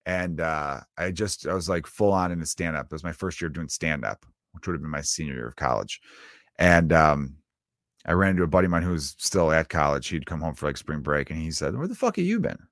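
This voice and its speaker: A man's voice: very deep voice, fairly quick, fairly bright tone, no room sound, clean studio sound. A man in his thirties, a stand-up comedian, talking in a casual solo monologue that rambles, swears freely and is full of fillers. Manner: rambling and profane, with frequent fillers.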